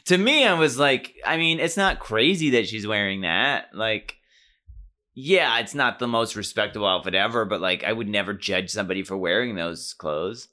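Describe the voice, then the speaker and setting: Young male podcast co-host, bright tone, lively pitch, rambling and jokey. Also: normal speed. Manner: joking, rambling with many fillers. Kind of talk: casual chat.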